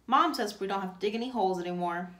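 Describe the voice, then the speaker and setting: A woman's voice: mid-range voice, fast talker, bright, forceful tone, lightly acted. A woman reading aloud, voicing a cheerful, eager teenage boy in an echoey room.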